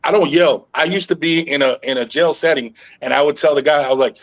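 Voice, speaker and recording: A middle-aged man chats on a podcast in a calm, level way, dropping "yo" and curses as he tells stories. His voice sits a little high for a man. The recording sounds muffled and lo-fi. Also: fast talker, few pauses. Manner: calm, even-tempered storytelling with frequent "yo" and profanity. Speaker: podcast host. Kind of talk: casual podcast chat.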